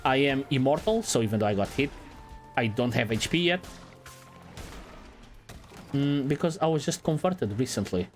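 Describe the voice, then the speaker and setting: A man giving casual let's-play commentary in a relaxed, playful way, swearing now and then. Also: medium pitch, moderate pace, long pauses, faint music behind. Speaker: gaming channel host.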